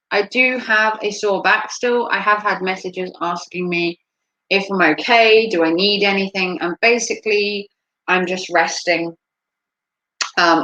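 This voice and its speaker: A woman chatting casually on a live stream, rambling and filling pauses with frequent ums. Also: mid-range voice, sharp tone, highs cut off. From United States.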